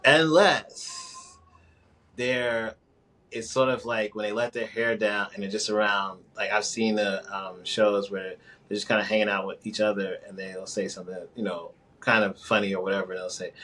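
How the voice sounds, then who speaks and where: A man from New York talking in a casual, rambling conversation, with halting restarts and quick laughs. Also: lowish voice, fairly even intonation, fairly bright tone. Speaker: guest.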